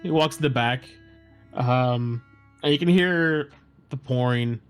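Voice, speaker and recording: A man's voice: mid-range voice, slow pace, clean tone. A man narrating a tabletop game as game master, loose and descriptive. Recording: faint background music.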